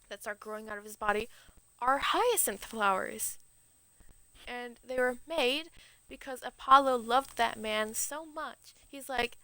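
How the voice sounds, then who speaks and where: A woman's voice: on the high side, bright, forceful tone, slight background noise, poor audio. A young adult woman streamer telling a myth in a rambling, slangy way, full of "like" and "um". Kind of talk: casual storytelling on a stream.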